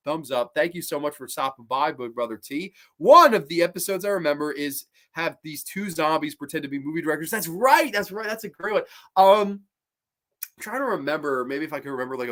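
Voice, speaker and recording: A man hosting a live-streamed horror show, chatting casually, rambling, animated, and swearing freely. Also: fairly high pitch.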